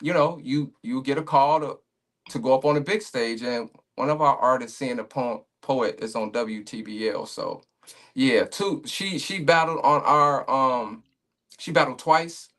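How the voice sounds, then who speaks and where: A man's voice: medium pitch, unhurried, fairly bright tone. A man talking casually as a guest on a remote podcast call, laid-back and rambling, with many fillers and restarts. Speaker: league owner guest.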